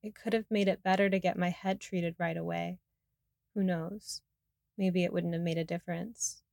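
A woman reading the lines of a remorseful man still recovering from a head injury, in a quietly candid, rueful way. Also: on the low side, fairly even intonation, normal speed, gravelly, no room sound, clean studio sound.

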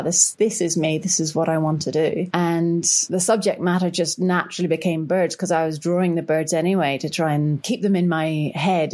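Lively Northern Irish woman telling stories. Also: fairly low pitch. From Northern Ireland. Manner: lively, laughs often, repeats words when starting sentences. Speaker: guest artist and illustrator. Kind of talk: relaxed storytelling interview.

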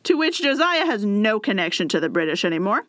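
A woman's voice: medium pitch, very animated, quick pace, a bit bright, no room sound, studio quality. A young woman co-hosting a podcast, retelling a tabletop campaign in a chatty way, with many fillers and acted asides. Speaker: podcast co-host. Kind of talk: casual chat retelling a campaign story.

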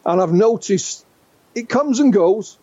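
Here the guest, a UFO researcher from England in his sixties, talks a little slowly in a high-pitched, mellow voice with a breathy edge. He's expressive and animated in his storytelling, restarting often, on a dull, dry, lo-fi recording.

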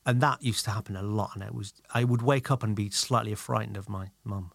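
A British man chatting casually on a podcast, telling stories in a reflective way that often drops low and quiet. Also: steady tone, brisk, gravelly, no room sound. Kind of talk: casual chat.

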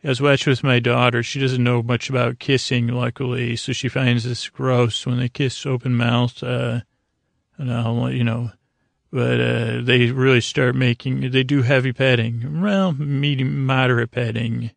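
A male podcast host recaps an episode casually, rambling along with plenty of ums and restarts and throwing in playful jokes. His gravelly voice holds a fairly level pitch with a flat delivery and measured pace, and the sound is close and dry with no room echo.

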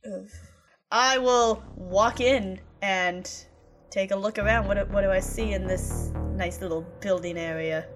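A woman playing a tabletop role-playing game, talking casually with an animated, sometimes swearing manner. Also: mid-range voice, a little slow, soft background music. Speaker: player.

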